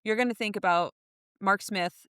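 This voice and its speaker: Sarcastic podcast woman who swears a lot, smooth clear voice, no room echo. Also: medium pitch, normal speed, fairly bright tone, clean studio sound. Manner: blunt, swears freely, sarcastic. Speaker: podcast co-host. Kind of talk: casual chat.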